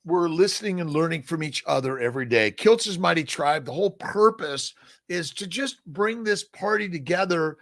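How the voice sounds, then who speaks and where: A man's voice: on the high side, expressive, moderate pace, a bit bright. An older man hosting a casual live-stream Q&A, reading viewer comments aloud and answering them in an upbeat, encouraging, folksy way, often tagging on "right?". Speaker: host answering viewer questions.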